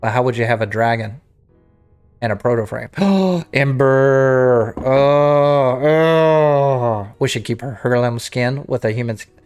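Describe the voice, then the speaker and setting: A man hosting a casual gaming livestream, talking off the cuff with frequent restarts and throat-clearing. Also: mid-range voice, flat delivery, brisk, faint music behind. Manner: rambling, self-interrupting, clears throat. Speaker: livestream host.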